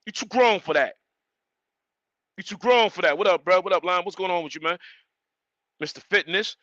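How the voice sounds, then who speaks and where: A man's voice: high voice, normal speed, long pauses, dry recording, muffled recording. A man hosting a live stream, ranting emphatically and repeating his points. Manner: animated, emphatic, repeats himself. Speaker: livestream host.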